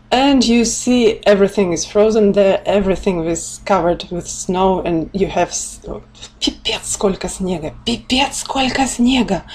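A Russian woman from Siberia talks through a casual live-streamed lesson at an unhurried, deliberate pace. Her English is chatty and loose, with frequent laughs and Russian words slipped in. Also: mid-range voice, mellow. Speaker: language teacher. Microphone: laptop or webcam mic.

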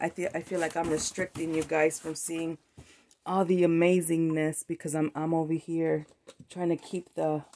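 A woman vlogging as she opens craft mail at home, gushing and excitable, sometimes teary, moving closer to and away from the camera mic. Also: lowish voice, slight background noise. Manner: gushing, excitable, tearful at times. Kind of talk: casual unboxing chat.

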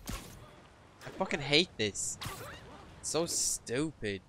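A man's voice: fairly high pitch, big pitch swings, drawn-out words, pushed and bright, a little hiss or hum. Irritated, swearing young man gaming. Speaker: gaming streamer. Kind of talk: frustrated gameplay commentary.

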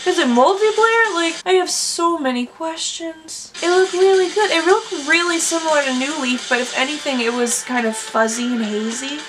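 High-voiced woman gasping at game reveals. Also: moderate pace, hardly any pauses, noisy background. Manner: gasping, squealing and talking over the footage. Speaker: gaming YouTuber reacting to a showcase. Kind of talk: excited live reaction. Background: game trailer audio playing.

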